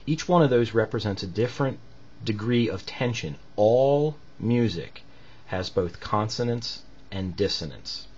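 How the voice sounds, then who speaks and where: A man's voice: fairly low pitch, lively intonation, measured pace, darkish tone, breathy edge, muffled recording. A man teaching a recorded music lesson, explaining patiently with many fillers between demonstrations.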